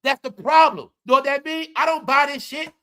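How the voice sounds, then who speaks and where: Brief: male commentary streamer, high and bright, animated, lecturing his audience. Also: moderate pace. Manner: animated, preachy, talks straight to viewers. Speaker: commentary livestream host. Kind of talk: casual live commentary.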